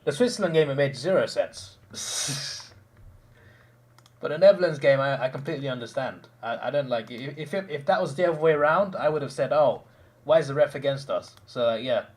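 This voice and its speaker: A man's voice: medium pitch, a little fast. Chatty young man host. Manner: animated storytelling, mimicking others, frequent laughs and restarts. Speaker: live-stream host. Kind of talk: casual chat.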